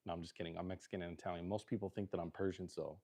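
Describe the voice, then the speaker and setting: Speaking very fast in a low, darkish voice with little pitch movement, this livestream host cooks in his home kitchen. He's a middle-aged man from Southern California, loose, rambling and jokey.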